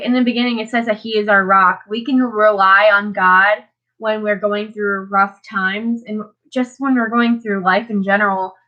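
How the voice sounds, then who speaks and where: A woman's voice: mid-range voice, pushed and bright. Tired teenage girl on dull lo-fi audio. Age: teens. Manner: chatty, many "like"s and restarts. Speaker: live streamer. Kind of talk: casual Bible reading and reflection.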